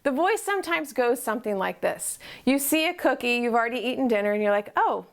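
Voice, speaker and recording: A woman's voice: a little high, expressive, fast. A woman life coach giving an upbeat, encouraging talk to camera, often asking the viewer questions. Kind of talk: motivational promo talk to camera.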